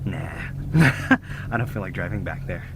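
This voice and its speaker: A man's voice: low voice, lively intonation, normal speed. A young man vlogging casually from a motorcycle through a head-mounted camera mic, rambling with lots of fillers and poking fun at himself. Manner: rambling, filler-heavy, self-mocking. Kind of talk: casual vlog chat. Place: riding a motorcycle outdoors. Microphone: head-strap camera mic. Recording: loud wind and engine noise.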